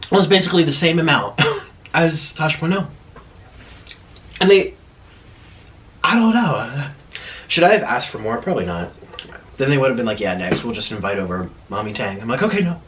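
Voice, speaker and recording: A man's voice: mid-range voice, lively intonation, normal speed, pauses often, a bit bright, a little hiss or hum. Chatty man rambling over a meal. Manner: chatty, rambling, laughs at himself. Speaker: mukbang vlogger. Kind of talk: casual chat while eating.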